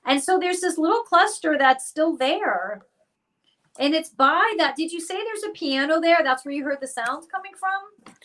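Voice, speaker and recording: A woman doing remote viewing in a casual live chat, halting and full of restarts, given to squeamish exclamations. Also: high-pitched, animated, a bit bright. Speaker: psychic remote viewer.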